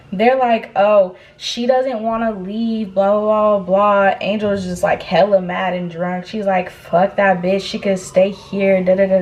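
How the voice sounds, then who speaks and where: A young woman casually recounting a wild night in a storytime vlog, animated and full of profane slang. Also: mid-range voice, rough recording. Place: indoors, getting ready.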